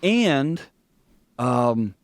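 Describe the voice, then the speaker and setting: A middle-aged man with a Southern US accent, a podcast guest telling stories with animated bursts and laughter. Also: medium pitch, clear, resonant tone, no room sound. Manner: animated storyteller, quick bursts, laughs through anecdotes. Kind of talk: candid conversational interview.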